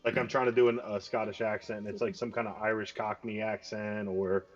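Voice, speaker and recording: A man's voice: fairly low pitch, flat delivery, a little fast, muffled recording, soft background music. A man playing a tabletop game, chatting casually in a rambling way with many fillers. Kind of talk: casual chat.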